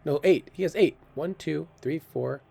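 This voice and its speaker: A man's voice: fairly high pitch, measured pace, vocal fry, dark tone, husky. A man hosting a gaming channel, giving casual, curious commentary and thinking aloud with exclamations. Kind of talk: casual game commentary voice-over.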